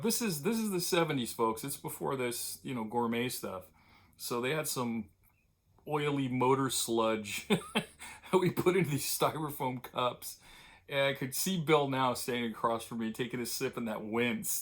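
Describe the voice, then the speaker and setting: A man's voice: mid-range voice, fairly bright tone. An older man from California, the host of his own vlog, reminiscing in a loose, rambling way, with lots of fillers and restarts and a wistful tenderness when his memories turn to old friends. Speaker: vlogger. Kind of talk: casual reminiscing monologue.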